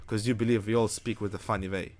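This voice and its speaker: A man's voice: lowish voice, little pitch movement, quick pace, darkish tone, a little hiss or hum. A man from Europe co-hosting a live gaming show, rambling and joking in casual banter full of fillers and restarts.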